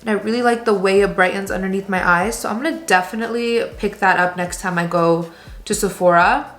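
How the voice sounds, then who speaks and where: A woman's voice: medium pitch, fairly even intonation, a little fast, fairly bright tone, roomy sound. A young woman chatting casually through a hair and makeup tutorial at home, upbeat and full of product recommendations. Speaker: beauty vlogger. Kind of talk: casual get-ready-with-me tutorial. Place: room at home.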